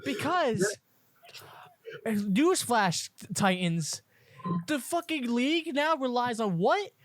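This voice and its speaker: A man's voice: extremely high pitch, expressive, slow pace, no room sound. Young man, angry sports rant, heavy swearing, podcast co-host, dry close sound. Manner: angry profane ranting. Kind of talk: casual sports podcast chat.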